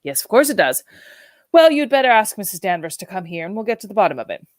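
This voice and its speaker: A woman's voice: medium pitch, sing-song, fast talker, dry recording, clean studio sound, lightly acted. A woman reading the part of a brusque, impatient upper-class husband who speaks in a clipped, exasperated way.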